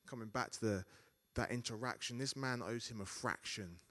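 Male preacher giving a sermon, animated delivery, acts out inner thoughts. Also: fairly low pitch, moderate pace.

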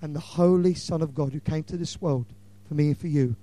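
A middle-aged man preaching an impassioned evangelistic sermon, swinging between loud declarations and hushed lines. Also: on the high side, brisk.

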